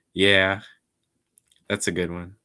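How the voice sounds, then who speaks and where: Deep-voiced guy rambling on his stream, low-key and mumbly. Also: pushed and bright. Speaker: podcast host. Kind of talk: casual solo livestream chat.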